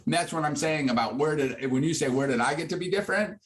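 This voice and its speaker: A man in his sixties, a psychiatrist, talking freely in an interview and rising to high, lively bursts when he makes a point. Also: fast talker. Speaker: psychiatrist guest. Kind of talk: conversational interview.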